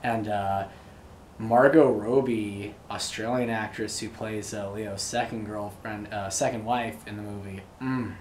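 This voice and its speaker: A man's voice: on the low side, steady tone, measured pace, darkish tone, a little hiss or hum. A young man hosting his own show, rambling through a casual monologue full of fillers. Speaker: show host. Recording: roomy echo, faint ambience.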